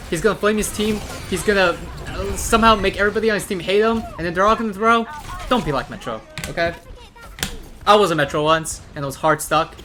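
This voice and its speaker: A man's voice: fairly high pitch, sharp tone, a little hiss or hum. A man giving blunt, profane gameplay commentary and ranting advice about ranked play. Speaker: gaming content creator.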